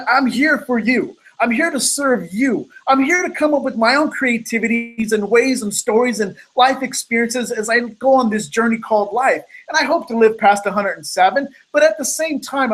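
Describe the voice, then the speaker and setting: A man hosting a weekly live motivational call, telling a story and acting out the dialogue with big jumps in pitch. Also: moderate pace, fairly bright tone, rough recording.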